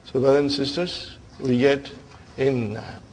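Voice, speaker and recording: Slow, quizzing grammar teacher, man. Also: medium pitch, steady tone, darkish tone, slight background noise. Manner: quizzing the class, frequent "huh?" checks; playful storytelling teacher. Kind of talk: classroom lesson.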